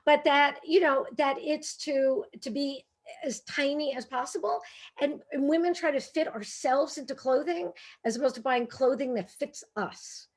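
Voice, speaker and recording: A woman with a brassy Brooklyn accent hosting a bookstore author conversation, animated and self-deprecating, laughing often. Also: sits high, moderate pace. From Brooklyn, New York. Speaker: host and editor.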